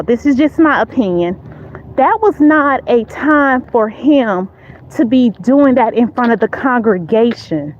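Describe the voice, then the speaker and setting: A woman's voice: high voice, highs cut off. A woman co-hosting a faith-based casual chat, talking emphatically and repeating phrases for stress.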